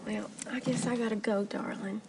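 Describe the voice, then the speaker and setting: An actress playing a bubbly, devoted young wife in a television comedy, gushing chirpy reassurance. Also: female voice, medium pitch, steady tone, normal speed, very noisy, close to an everyday voice.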